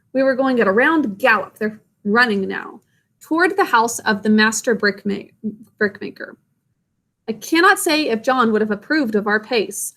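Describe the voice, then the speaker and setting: A woman reads a classic storybook aloud to young listeners, stopping often to ask them gentle questions and explain hard words. Her voice sits slightly above the usual pitch for a woman. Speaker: storyteller reading to children. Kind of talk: read-aloud with explanations for children.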